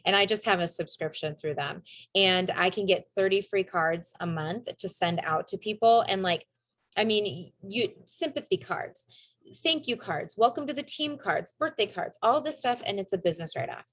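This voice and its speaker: A young woman talks through a casual motivational team call in an upbeat, chatty way. She often slips into little acted-out lines of dialogue, at a middle pitch for a woman. The sound is dry and close, with no room around it. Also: moderate pace, a bit bright, no echo. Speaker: network marketing team leader.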